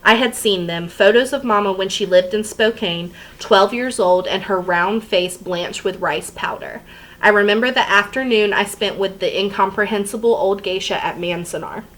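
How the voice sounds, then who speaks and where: A woman's voice: medium pitch, moderate pace, rough recording. Woman reading a memoir aloud to students. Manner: steady, plain read-aloud pacing. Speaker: teacher reading to a class.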